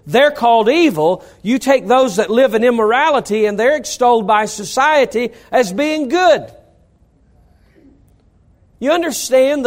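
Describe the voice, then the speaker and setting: High-voiced man preaching a sermon. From North Carolina. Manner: preaching with rising emphasis. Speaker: pastor.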